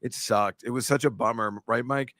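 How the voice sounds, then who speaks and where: A man hosting a podcast in casual chat, telling rambling stories and teasing listeners, with jumpy bursts of loudness. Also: medium pitch, steady tone, normal speed, dry recording, clean studio sound. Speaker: podcast host.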